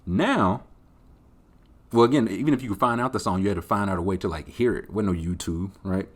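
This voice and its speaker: A man with a deep, low voice hosts a podcast and works through listener questions. He talks in a loose, rambling, joking way, full of slang and the odd swear word. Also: brisk, slightly rough. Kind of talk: casual chat.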